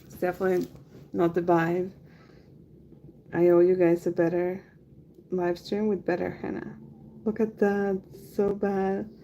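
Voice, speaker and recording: Woman host, low, even, gravelly voice, relaxed livestream chatter while she works, faint noise behind. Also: unhurried, long pauses, low-quality recording. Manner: relaxed, chatty, laughs often, trails off while concentrating. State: has the hiccups. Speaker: henna artist livestreaming. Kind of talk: casual chat while working.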